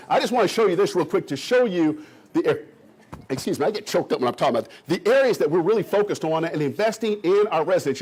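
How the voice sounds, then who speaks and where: A middle-aged man from Kentucky giving an animated presentation to a room of realtors. He is folksy and emphatic and talks straight to the audience. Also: a little high, breathy edge. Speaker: economic development official.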